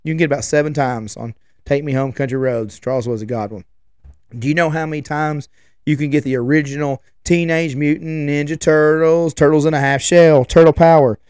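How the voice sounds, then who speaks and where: A man's voice: on the high side, fairly even intonation, fairly quick, darkish tone, clean tone, dry recording. A man, hosting a podcast and telling rambling, chatty stories. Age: 40s. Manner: rambling, chatty, restarts and trails off. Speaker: podcast host. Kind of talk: casual rambling storytelling.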